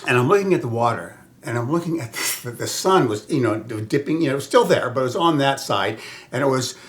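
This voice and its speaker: A man from Southern California rambling through a personal story, stumbling over restarts and fillers. He chuckles often and drops into hushed, whispered asides. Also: medium pitch, expressive, fairly quick.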